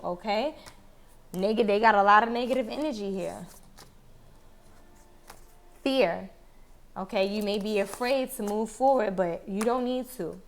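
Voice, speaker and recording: A chatty woman reads tarot cards straight to her viewers. Her voice sits at a middle pitch, and she circles back over the same phrases, breaking into exclamations and the odd curse along the way. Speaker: tarot card reader. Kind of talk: casual tarot reading to camera.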